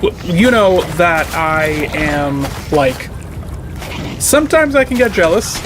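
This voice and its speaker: A man talks in a loose, rambling way while he streams a game, his slightly high voice dropping fillers as he goes. Steady noise and game sounds sit under the recording. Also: slow. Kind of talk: casual chat.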